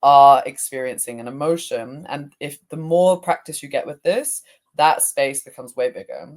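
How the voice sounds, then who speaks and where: A woman's voice: a bass voice, moderate pace, a little mellow. Reflective woman coach, searching for words. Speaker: emotional release coach, guest. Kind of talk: conversational interview.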